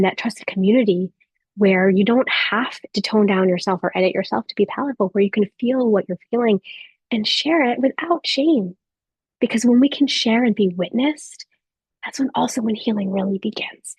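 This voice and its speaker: A woman in her thirties giving a gentle motivational talk to a live audience of mothers, speaking softly with reflective pauses. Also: mid-range voice, breathy edge, no echo. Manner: soft, warm encouraging delivery with reflective pauses.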